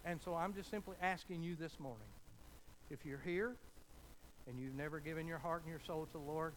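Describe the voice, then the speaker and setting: A man's voice: fairly high pitch, fairly quick, a bit bright, a little hiss or hum, poor audio. A man preaching a sermon, telling a folksy story as pastor and building to fervent appeals.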